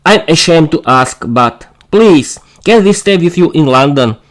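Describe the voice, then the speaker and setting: A man's voice: fairly high pitch, expressive, a little slow. A man voicing a vampire mother who pleads with a trembling voice and brags about her daughter. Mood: pleading.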